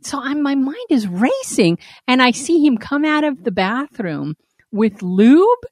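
A woman co-hosting a candid casual chat, telling stories with animated swoops and frequent laughs. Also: high voice, measured pace, no echo, studio quality. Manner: animated storyteller, swoops up when quoting; laughs often. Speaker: podcast co-host.

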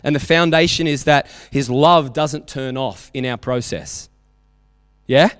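Animated Australian preacher in a church hall. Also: male voice, mid-range voice, measured pace, clear, resonant tone, clean studio sound. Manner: animated storytelling, acting out quotes. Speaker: pastor. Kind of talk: sermon.

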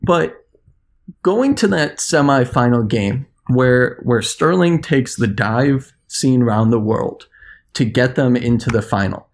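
A man with a gravelly edge in his voice, talking as a podcast's international correspondent. He rants in an animated, sarcastic way, and his pitch swings widely as he makes his points. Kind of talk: podcast chat.

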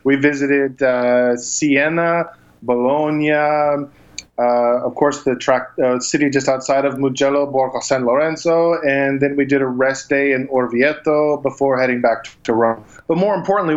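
A man's voice: medium pitch, normal speed. A man calling in to a podcast from the road, talking about leading motorcycle tours. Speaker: motorcycle tour guide. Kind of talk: casual interview. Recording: phone call.

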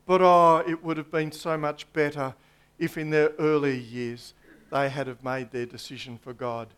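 A man delivers a sermon in a fairly high voice. He takes his time, weighing each phrase with long pauses, and often sinks to a hush at the end of a point. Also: smooth. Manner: slow, emphatic preaching with dramatic pauses and drops to a hush. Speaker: preacher.

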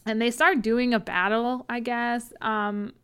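A woman's voice: a little high, fairly even intonation, measured pace, a bit bright, clear, resonant tone. A woman co-hosting a podcast in casual chat, recapping a book with frequent laughs and acted-out quotes. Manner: chatty, laughing often, acts out characters' lines in retelling.

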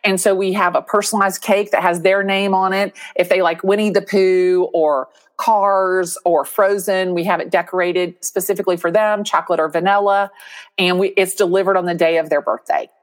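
A middle-aged woman, a real estate agent, telling a story as an interview guest, animated and acting out the voices of people in it. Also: medium pitch, normal speed.

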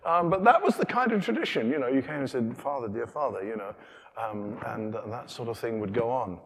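British preacher with a hall echo. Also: male voice, mid-range voice, a little fast, a little hiss or hum. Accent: British English. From Britain. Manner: animated, acts out dialogue with changing voices. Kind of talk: sermon. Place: church. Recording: long reverb of a church hall.

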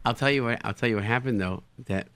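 A man's voice: medium pitch, quick pace, fairly bright tone, smooth. A man telling casual anecdotes animatedly, often repeating words as he finds his phrasing. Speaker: storyteller, show guest.

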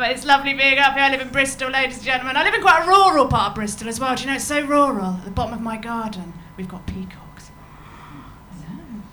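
A high-voiced woman performs stand-up for a live audience at a comedy venue, chatty and bawdy, laughing at her own jokes. There's noise in the background.

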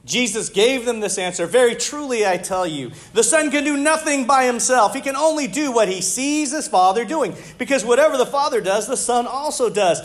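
High-voiced animated male preacher. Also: normal speed, hardly any pauses. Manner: animated, conversational preaching with rhetorical questions. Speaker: pastor. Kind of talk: sermon.

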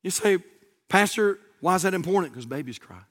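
A middle-aged male pastor, preaching a sermon that swings from loud high cries down to hushed whispers. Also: animated, fairly quick.

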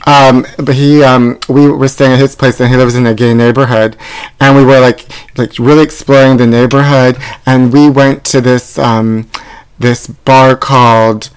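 Male podcast host, campy gossip storyteller, mid-pitched everyday voice. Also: little pitch movement, moderate pace, clean tone, low-quality recording. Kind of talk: casual chat.

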